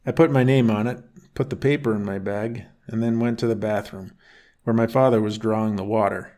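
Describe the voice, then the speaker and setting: A man narrating a first-person bedtime story in a calm, unhurried reading voice. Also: mid-range voice.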